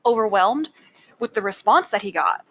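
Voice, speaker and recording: A woman's voice: medium pitch, animated, normal speed, a bit bright, dull audio. A woman co-hosting a fan podcast in casual chat, earnest and repeating herself for emphasis. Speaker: podcast co-host.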